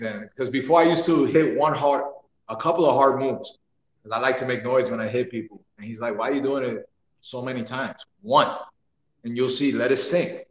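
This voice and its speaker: Wrestler guy telling stories and laughing a lot, mid voice, big echoey room with long reverb. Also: mid-range voice. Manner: laughs often, animated storytelling. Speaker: wrestler guest. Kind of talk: casual podcast chat.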